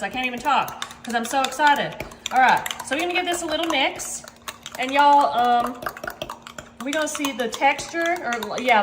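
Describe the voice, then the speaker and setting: A woman's voice: on the high side, noisy background. A woman hosting a casual cooking demonstration in her home kitchen, chatting to viewers and calling them y'all as she goes. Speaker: cooking channel host. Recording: echoey kitchen with clattering dishes.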